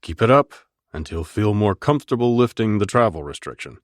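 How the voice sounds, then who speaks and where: Easygoing brother on the phone, reassuring tone, low voice, narrator's own take. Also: male voice, animated, a little fast, no room sound, studio quality, natural voice. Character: warm adult brother on the phone, man.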